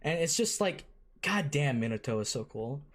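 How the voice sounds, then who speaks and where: An anime reaction host talking in casual commentary at a mid pitch. The voice gushes with emotion and swears freely. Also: big pitch swings, moderate pace.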